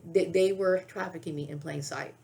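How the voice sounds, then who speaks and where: Gravelly-voiced middle-aged woman ranting. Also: lowish voice, steady tone, normal speed, darkish tone. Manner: agitated, repetitive, keeps asking "okay?". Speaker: vlogger. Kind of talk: rambling direct-to-camera monologue.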